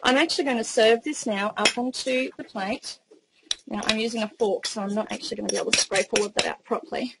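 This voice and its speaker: A woman's voice: fairly high pitch, steady tone, quick pace, vocal fry, heavy background noise. An enthusiastic woman with an Australian accent demonstrating a barbecue recipe in a casual, gushing way. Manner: enthusiastic, gushing, laughs often. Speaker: cooking demonstrator.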